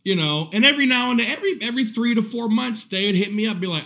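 A man's voice: sits high, racing, few pauses, pushed and bright. A man hosting a live stream, talking in a casual, rambling way, swearing and repeating himself, often breaking into laughter. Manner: profane, repetitive, laughs often. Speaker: live-stream commentary host.

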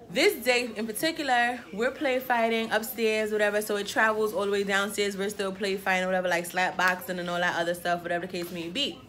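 Dramatic young woman telling a storytime. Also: mid-range voice. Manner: dramatic, animated storytelling with lots of filler phrases. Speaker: vlogger. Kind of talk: casual storytime chat.

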